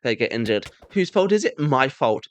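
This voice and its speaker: A young man telling a sarcastic comedic monologue, mock-self-righteous, breaking into shrill squeaky voices when he mimics kids. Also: very animated, moderate pace. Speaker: comedic storyteller.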